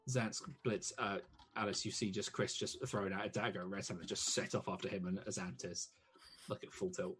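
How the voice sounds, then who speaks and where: A man's voice: lowish voice, little pitch movement, moderate pace, fairly bright tone, faint music behind. A man narrating a tabletop game as game master, rambling with lots of fillers. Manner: rambling, full of "like" and "um".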